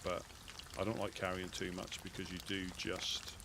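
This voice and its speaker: A man in roleplay chat inside a survival game, talking in a relaxed, rambling way. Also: low voice, moderate pace, creaky, noisy background.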